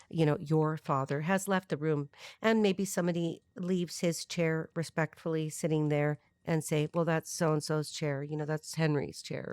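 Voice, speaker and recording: A woman's voice: low voice, darkish tone, no room sound. A middle-aged woman from the United States giving a free-associating tarot reading, rambling and wisecracking with some profanity. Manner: rambling, free-associating, with sung snippets and put-on voices. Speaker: tarot reader. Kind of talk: freestyle tarot reading monologue.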